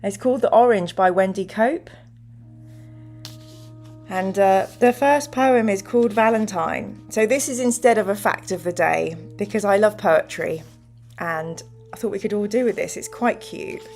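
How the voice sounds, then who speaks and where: A middle-aged woman, chatting casually as a show's host. She tells her stories with lively back-and-forth, slipping into the voices of the people she quotes. Her pitch sits in the ordinary middle range. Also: normal speed, faint music behind. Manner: chatty storyteller who acts out quoted voices. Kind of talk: casual chat.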